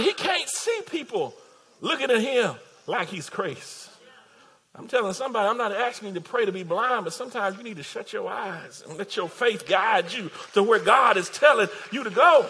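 A man's voice: very high-pitched, pushed and bright, husky. A man preaching a sermon, building his points through repeated phrases and calling out to the congregation.

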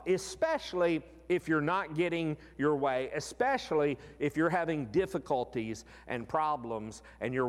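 A man preaches in a lively, rising and falling voice, often slowing right down on the words he wants to land. His slightly high voice carries a long reverb that trails after each phrase. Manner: expressive, slows down for emphasis. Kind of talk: sermon.

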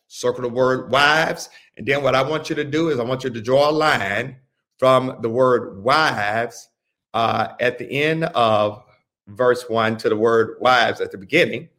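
Man, pastor, Bible study teaching, slow deliberate delivery, repeats phrases. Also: medium pitch, fairly bright tone.

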